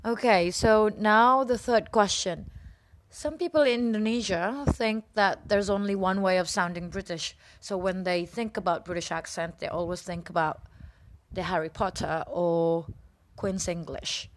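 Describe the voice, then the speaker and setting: A woman hosting a podcast, who introduces her guest and asks him clearly phrased, prepared questions. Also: mid-range voice, unhurried. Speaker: podcast host.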